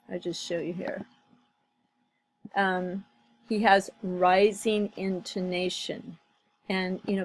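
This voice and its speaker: A woman's voice: medium pitch, rough recording. A woman talking through commentary on a video clip, thoughtful and hesitant, full of fillers and restarts. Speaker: commentary vlogger.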